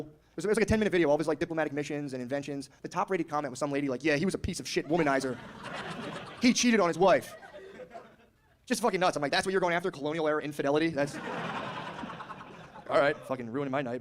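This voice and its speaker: A man's voice: on the high side, quick pace, long pauses. A man in his thirties doing a stand-up comedy set on a club stage. He is brash and profane, riffs with the crowd and acts out characters.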